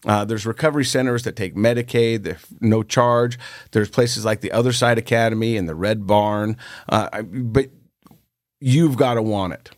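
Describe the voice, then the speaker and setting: A man's voice: on the low side, steady tone, normal speed, no echo, clean studio sound. A man in his forties, a podcast guest, speaking earnestly about recovery from his own experience. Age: 40s. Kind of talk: casual conversation.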